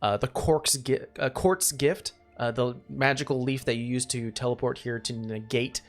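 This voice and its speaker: A man narrating as game master of a tabletop game, halting with many "uh"s. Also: mid-range voice.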